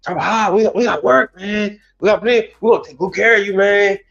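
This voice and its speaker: A man's voice: high voice, a little fast, gravelly, a bit bright, lo-fi sound, pitched above the performer's own voice. A man voicing a pushy, friendly male job recruiter who wheedles and repeats himself. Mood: wheedling.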